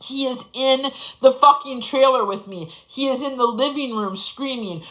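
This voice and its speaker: A woman's voice: high-pitched, normal speed, a bit bright, low-quality recording. A woman in her forties giving an impassioned, profane personal testimony, repeating phrases for emphasis. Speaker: speaker sharing her story.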